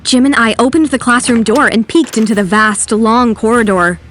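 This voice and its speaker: Woman doing a sarcastic determined teen girl telling her story, high voice. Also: normal speed, fairly bright tone, faint music behind, natural voice. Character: teen schoolgirl narrator, brave and sarcastic. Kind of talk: first-person animated story narration.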